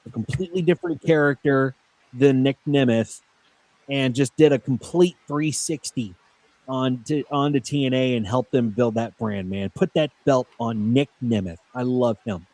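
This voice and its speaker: A man's voice: medium pitch, normal speed, darkish tone, no echo. A man hosting a casual podcast, running down lists of matches with frequent "uh" fillers. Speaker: podcast host. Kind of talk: casual wrestling podcast chat.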